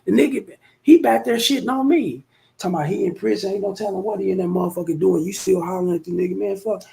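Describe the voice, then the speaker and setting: A man imitating a jealous young boyfriend, ranting fast and heated. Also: sits high, vocal fry, warm tone, pitched above the performer's own voice.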